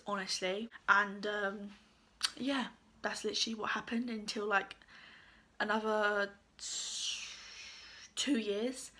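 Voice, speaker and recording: A young woman vlogger telling a casual storytime, chatty with lots of fillers, her voice a bit croaky. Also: medium pitch, sharp tone. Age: young adult.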